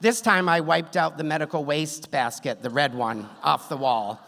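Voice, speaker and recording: A man's voice: a little high, moderate pace, creaky, bright, forceful tone. Wry male storyteller on a stage. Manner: wry, self-deprecating, comic timing. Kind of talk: live story slam telling. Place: stage in a theater hall. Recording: long hall reverb, on stage.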